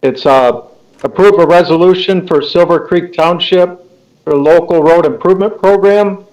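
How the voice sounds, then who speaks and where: A man from a county department presenting an item to the board, formal and measured. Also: high-pitched, darkish tone, rough recording. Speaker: highway department staff. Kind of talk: remote meeting presentation.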